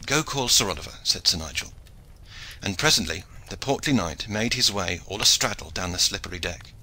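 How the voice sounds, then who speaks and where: A man reading a historical adventure audiobook in expressive narration. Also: low voice, normal speed, rough recording. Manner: expressive storytelling. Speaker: audiobook reader. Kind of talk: scripted narration.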